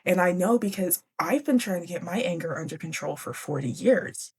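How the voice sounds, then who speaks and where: A woman's voice: lowish voice, lively intonation, normal speed, husky, full character voice. A woman quoting a patient wise mother. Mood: earnest.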